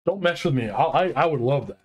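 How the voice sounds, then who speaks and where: A fairly high-voiced man talks in a relaxed online chat. He gets excitable and animated, tripping over restarts as he rants. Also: fast talker. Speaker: podcast co-host. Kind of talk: casual chat.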